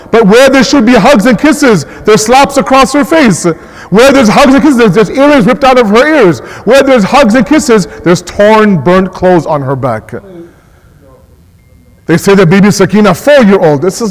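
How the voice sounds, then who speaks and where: A male religious scholar giving a mournful sermon, impassioned, repeating words and slowing down for emphasis. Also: sits high, in a large hall, poor audio. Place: mosque hall.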